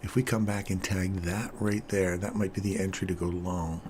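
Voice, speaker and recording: An older man talks casually through a live trading session, chatting with viewers between remarks on the charts. His voice sits low, and a faint background noise runs under the recording. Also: moderate pace. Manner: chatty, laughs often, animated when storytelling. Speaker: trading stream host. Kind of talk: casual live-stream commentary.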